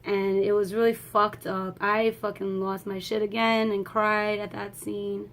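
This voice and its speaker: A woman's voice: mid-range voice, measured pace. Young woman ranting about a movie she loved, cusses a lot, all over the place. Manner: excitable, swears freely, rambling. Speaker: movie reviewer. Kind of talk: casual spoken movie review.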